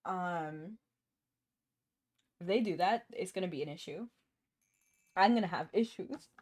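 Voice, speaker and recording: A woman's voice: on the low side, a little slow, a little mellow. A woman live-streaming a game, chatting casually and answering her chat, with a cough now and then.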